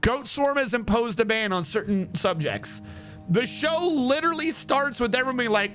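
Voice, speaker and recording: A man's voice: extremely high pitch, expressive, a little slow, pushed and bright. A man streaming live, recapping in a sarcastic, profane, exasperated way. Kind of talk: casual livestream rant.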